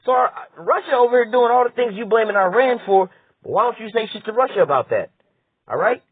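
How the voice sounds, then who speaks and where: A high-pitched, husky man rails against the news, swearing freely and talking back to what he reads. The sound is thin and tinny, like a phone line, and very dry. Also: lively intonation, brisk, no echo. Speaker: political commentator. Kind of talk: heated profane rant.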